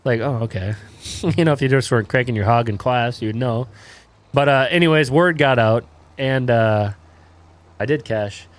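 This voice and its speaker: A man's voice: mid-range voice, normal speed, long pauses. A man in his twenties, a livestreamer telling a crude story in laid-back, rambling casual chat full of fillers.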